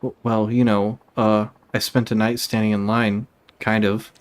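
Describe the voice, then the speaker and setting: A nervous young man from a video game, stammering and sheepish in a lowish voice as a man reads his lines aloud. He sounds close to the reader's plain voice. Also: level tone, measured pace, natural voice. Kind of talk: reading game dialogue aloud.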